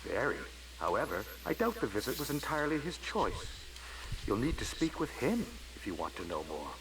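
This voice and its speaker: An actor voicing a polite, scheming male alien financial agent in a video game, speaking in a courteous, formal, flattering way. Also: medium pitch, moderate pace, natural voice. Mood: smooth formal. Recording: noisy game audio capture.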